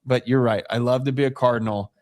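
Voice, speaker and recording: A man's voice: medium pitch, steady tone, fast talker, a little mellow. A man co-hosting a sports talk show, wry and teasing, often reading quotes aloud.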